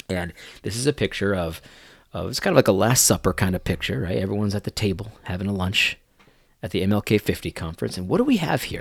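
Man, commentator, gravelly, lively pitch, incredulous, mocking, frequent restarts. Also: no echo, studio quality. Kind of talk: commentary on video clips.

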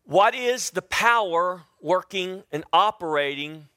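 A high-pitched man preaching with a loud, emphatic delivery, his voice bright and forceful. He often restarts his sentences as he teaches from scripture. The sound is dry and close, with no room echo. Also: animated, slow pace. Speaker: Bible teacher. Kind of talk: sermon-style Bible teaching.

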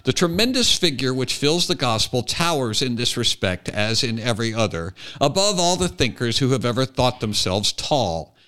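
Bright, lively male podcast host. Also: medium pitch. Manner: jokey, laughs often, reads aloud deliberately. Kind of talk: casual podcast chat and quote reading. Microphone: podcast microphone.

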